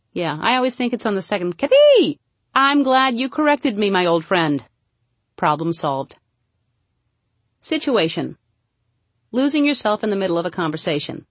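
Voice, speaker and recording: A woman reading a humorous book aloud, mostly deadpan with sudden playful jumps into high emphasis. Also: no room sound. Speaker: narrator. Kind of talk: comic audiobook narration.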